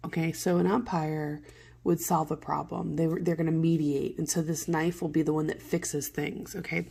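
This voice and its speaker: A woman teacher reading a play aloud and explaining it to students in casual, modern paraphrase, with throat clearing from morning allergies. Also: low voice, flat delivery, normal speed, a little mellow. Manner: conversational, paraphrases lines in plain modern words.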